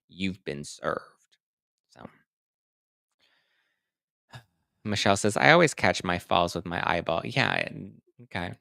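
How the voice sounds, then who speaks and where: A man's voice: deep voice, creaky, sharp tone, dry recording, clean studio sound. A male host chatting casually through celebrity gossip and reading out viewer comments, in a sassy, playful way with dramatic mock outrage.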